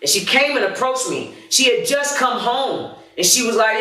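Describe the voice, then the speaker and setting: A high, bright-toned man tells a personal story as a podcast host, swearing freely and running himself down. He sits well back from the mic, and his voice bounces around a very echoey room. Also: moderate pace, recorded from a distance. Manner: profane, animated, self-critical. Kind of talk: candid storytelling monologue.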